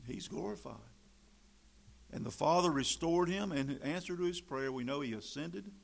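A man preaching a sermon, reading scripture and switching between emphatic, loud passages and quiet, folksy asides. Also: fairly high pitch, expressive, moderate pace, gravelly.

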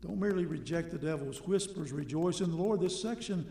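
High-voiced preacher in an echoey hall. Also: male voice, fairly quick, gravelly. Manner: conversational preaching with rhetorical questions and sudden loud emphasis. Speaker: pastor. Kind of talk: sermon. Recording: echoey hall with long reverb.

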